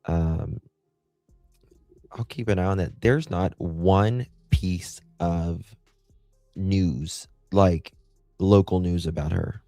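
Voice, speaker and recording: A man's voice: deep voice, slow pace, long pauses, dark tone, no echo, soft background music. A man hosting a casual livestream. He rambles in a chatty way and talks back to viewers' comments. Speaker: livestream host.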